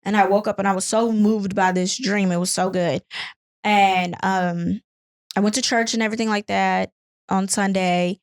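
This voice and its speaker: A woman's voice: mid-range voice, fairly even intonation, moderate pace. A young woman co-hosting a casual podcast from a couch, her voice sitting in a middle register. She tells long, rambling stories and swears freely. She laughs easily between lines. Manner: chatty, rambling storyteller who laughs often and swears freely. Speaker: podcast co-host. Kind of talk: casual chat. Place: on a couch at home.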